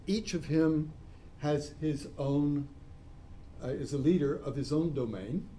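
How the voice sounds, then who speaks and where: In a classroom lecture, a man with a warm, mellow voice pitched on the high side speaks slowly and discursively, drifting into asides and spelling key terms out letter by letter. A faint hiss sits in the background.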